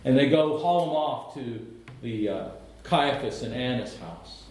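A middle-aged man preaching a sermon, telling the story in an animated way, with humor and asides to the congregation. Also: medium pitch, unhurried. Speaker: pastor. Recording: echoey church hall.

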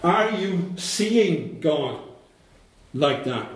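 A man preaching a sermon, slow and emphatic, repeating phrases for weight. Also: a little high, lively intonation. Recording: very echoey room.

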